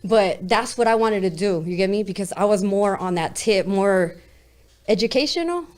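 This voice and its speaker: A woman's voice: medium pitch, lively intonation, normal speed, darkish tone. A woman rapper with a New York accent talks through an interview in a loose, streetwise way. She speaks bluntly, swears easily and keeps checking in with "you get me?". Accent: New York-style. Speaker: guest rapper. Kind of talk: casual interview talk.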